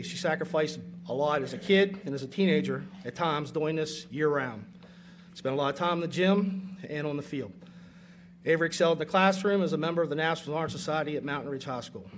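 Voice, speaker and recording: Give me a halting, emotional middle-aged man speaking at a banquet, faint noise behind him. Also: fairly high pitch. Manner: halting, emotional, many fillers. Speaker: award presenter, father. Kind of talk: emotional speech at awards banquet. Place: banquet hall.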